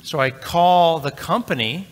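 A man's voice: fairly high pitch, unhurried, soft background music. A middle-aged man giving a live conference tech talk, telling a story in a chatty, joking way and speaking straight to the crowd. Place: large conference hall. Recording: long reverb of a large hall.

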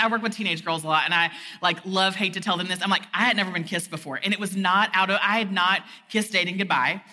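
Bright-voiced woman in a reverberant hall. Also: mid-range voice. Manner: chatty, self-laughing, acts out quotes. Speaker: conference speaker. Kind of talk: sermon with personal story. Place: large conference hall.

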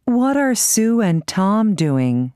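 A woman reading questions slowly and carefully in a grammar drill for an English course. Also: medium pitch, big pitch swings, warm tone, smooth, no echo, clean studio sound.

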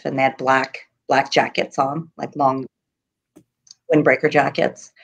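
A middle-aged woman with a low, deep voice speaks haltingly in an interview, pausing often. She is a grieving mother whose voice breaks now and then as she talks. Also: creaky. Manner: halting, many ums, voice breaking with grief. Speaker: guest, mother of a murder victim. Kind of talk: emotional interview.

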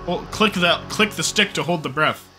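A man's voice: a little high, normal speed, pushed and bright, soft background music. A young man chatting casually with friends while they play a video game, joking and retelling scenes with animation. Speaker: co-host. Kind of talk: casual gameplay chat.

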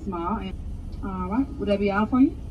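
A woman's voice: mid-range voice, normal speed, a little hiss or hum. A friendly woman taking an order at a drive-thru and calling the customer baby. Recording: muffled drive-thru speaker.

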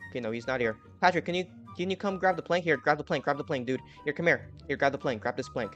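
High-voiced excitable male gamer. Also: highs cut off, faint music behind. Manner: excitable, yells at teammates, quick swings from muttering to shouting. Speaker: gaming channel host. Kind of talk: live gameplay commentary.

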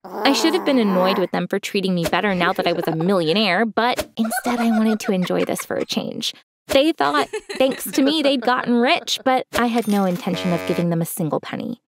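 A young woman narrating a first-person story in a scripted, expressive way. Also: mid-range voice, brisk, background noise.

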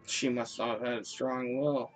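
A man's voice: mid-range voice, flat delivery, normal speed, faint music behind. A man giving casual, joking commentary over a video game, mocking himself and swearing freely. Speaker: gaming video creator.

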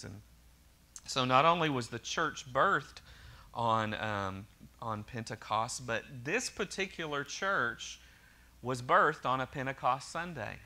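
A bright, forward-voiced man from Oklahoma preaches to his congregation. He talks in an easy, conversational way, often restarting sentences and dropping in joking asides. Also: medium pitch. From Oklahoma, USA. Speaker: pastor. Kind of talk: sermon.

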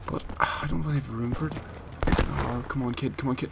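A young man commentating his own shooter match, excitable and quick to shout and complain. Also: mid-range voice, gravelly. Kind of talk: gameplay commentary. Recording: noisy with game gunfire behind.

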